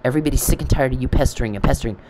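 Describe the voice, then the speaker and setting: A man's voice: medium pitch, very fast. A man ranting bitterly in a monologue, speaking straight at an absent opponent. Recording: steady background noise.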